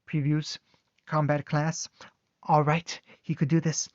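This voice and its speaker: Halting man reading fan fiction. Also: a little high, level tone, no echo. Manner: halting, with frequent fillers and restarts. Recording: dull lo-fi dry home recording.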